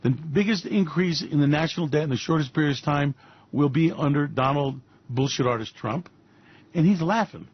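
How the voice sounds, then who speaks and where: A man's voice: a little high, moderate pace, husky, dull audio. A man hosting a radio show, giving fiery, mocking commentary on politics and finance with repeated punchlines. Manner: ranting, mocking, repetitive punches.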